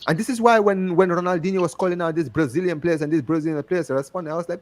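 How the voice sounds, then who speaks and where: A man's voice: fairly high pitch, fast. A man with an African accent, a guest in casual chat, talking passionately and repeating himself for emphasis. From United States. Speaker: guest on a fan show.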